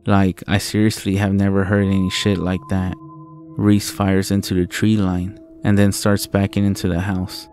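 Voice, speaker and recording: A man narrating a first-person horror story in a slow, deliberate, profane way. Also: sits low, flat delivery, darkish tone, faint music behind.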